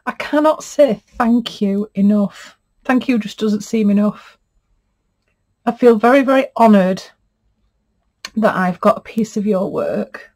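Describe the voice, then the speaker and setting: A woman's voice: mid-range voice, a little mellow. Gushing woman, textile artist. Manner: chatty, gushing and easily moved. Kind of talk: casual unboxing chat.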